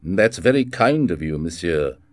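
A man's voice: deep voice, sing-song, a little slow, dry recording, studio quality. A man reading a storybook voices a blunt prison governor, speaking in a brusque, commanding way.

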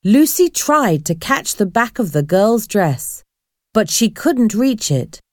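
A woman narrating a storybook at an unhurried, deliberate pace, with a lively rise and fall in her voice. The sound is dry and close. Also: medium pitch, no room sound.

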